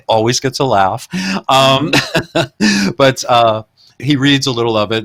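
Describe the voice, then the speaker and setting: A man's voice: mid-range voice, lively intonation, slow, long pauses, a bit bright. A man hosting a podcast, animatedly retelling film scenes in casual chat and laughing often. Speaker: podcast host.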